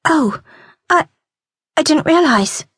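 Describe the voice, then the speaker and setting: Woman putting on a high, anxious teenage girl, stammering, dry close audiobook sound. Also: fairly even intonation, brisk, no room sound. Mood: flustered. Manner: stammering, breathless pleading.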